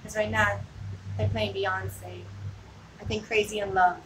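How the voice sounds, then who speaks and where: A woman's voice: mid-range voice, level tone, unhurried, a bit bright. A woman chatting casually with viewers on a vlog, rambling, laughing often and filling her talk with "like" and "you know". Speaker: vlogger. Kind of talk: casual live chat with viewers. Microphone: phone. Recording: distant mic with noticeable background noise.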